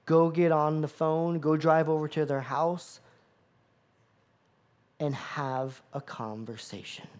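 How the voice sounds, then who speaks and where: A man's voice: a little high, fairly even intonation, slow pace, pauses often, darkish tone. Guy preaching a sermon, punchy and repeats himself a lot. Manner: emphatic, repetitive preaching cadence. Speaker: pastor.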